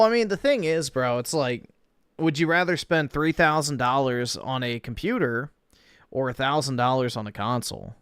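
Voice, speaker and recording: Smooth-voiced man giving blunt advice. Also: medium pitch, a bit bright, no echo. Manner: blunt, matter-of-fact advice with swearing. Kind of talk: casual chat.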